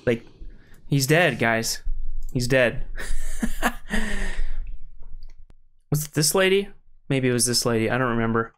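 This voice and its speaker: Slow-talking excitable male streamer. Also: mid-range voice, clear, resonant tone. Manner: excitable, frequent exclamations and laughter. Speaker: streamer reacting to videos. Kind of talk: casual reaction commentary.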